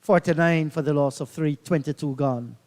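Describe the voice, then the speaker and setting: A man's voice: fairly high pitch, normal speed, a little mellow, in a large hall. A man doing live cricket commentary, telling leisurely reminiscing anecdotes between deliveries.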